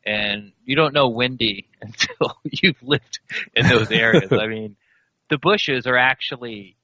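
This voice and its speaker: A man co-hosting a sports podcast, rambling and animated, laughing as he talks. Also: mid-range voice, a little slow, dry recording. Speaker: podcast co-host. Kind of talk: casual sports chat. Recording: dry, slightly dull podcast audio.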